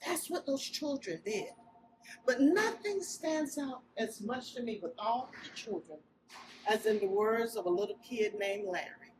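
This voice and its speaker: A woman gives an emotional, inspirational speech, telling a story expressively to an audience and breaking into loud cries when she acts out quotes. Her voice is fairly high and a little slow. It's recorded from a distance with steady background noise.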